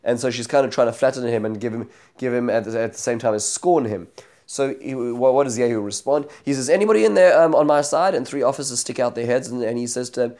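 Speaking quickly in a steady, mid-range voice with a slightly mellow quality, a man leads a Bible study. He tells the chapter as a story, gives voice to those quoted, and often restarts or uses fillers.

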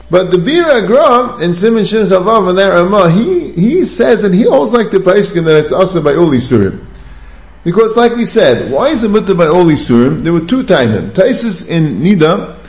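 A man delivers a Talmudic study lecture in a somewhat high, gravelly voice, reasoning aloud through sources and posing questions as he goes. The recording carries a roomy echo. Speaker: rabbinic lecturer.

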